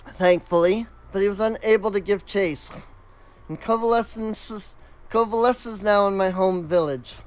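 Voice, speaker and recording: A man's voice: sits high, clean tone, poor audio. A man voicing an earnest young woman hunter from a remote village, polite and with a put-on accent.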